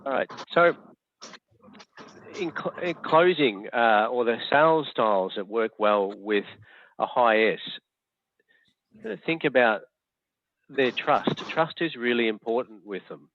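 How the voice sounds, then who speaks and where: A man's voice: medium pitch, expressive, measured pace, long pauses, no echo. A man running an online leadership workshop, chatty and hesitant, full of fillers and restarts. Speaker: workshop facilitator. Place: home or office on a video call. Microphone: video call. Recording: tinny phone-like online call audio.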